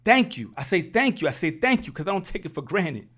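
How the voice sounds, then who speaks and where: A man's voice: sits high, very animated, a little fast, fairly bright tone. A man, speaking in an impassioned, preachy vlog style and repeating his phrases for emphasis. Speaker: YouTube commentator. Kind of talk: impassioned motivational vlog talk.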